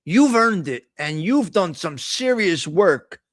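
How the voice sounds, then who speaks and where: A man's voice: high-pitched, sing-song, slow, fairly bright tone, no room sound, studio quality. A man hosting a casual live stream, talking bluntly with a lot of profane trash talk. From Italian American. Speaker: host.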